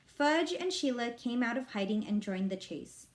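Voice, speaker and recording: A woman reading a children's novel aloud, with expressive, lively narration. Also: fairly high pitch, moderate pace. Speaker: reader.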